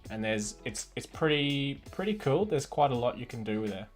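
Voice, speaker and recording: A man hosting a casual live stream chat, relaxed and loose, with many fillers. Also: medium pitch, normal speed, soft background music. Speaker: host. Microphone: online voice chat mic.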